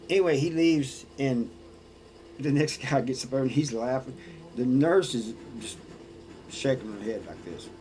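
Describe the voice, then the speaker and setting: A man with an ordinary mid-range voice tells stories from prison in a loose, casual monologue. His talk is plainspoken and unpolished, with restarts and a steady "you know." A faint room noise sits behind him. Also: medium pitch, unhurried, poor audio. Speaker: former prisoner sharing experiences.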